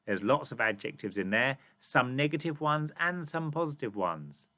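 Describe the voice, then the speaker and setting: A man's voice: medium pitch, lively intonation, moderate pace, pushed and bright. A British man teaching a reading comprehension lesson to children, asking questions and reading lines aloud with emphasis. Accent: British English. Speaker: primary school teacher.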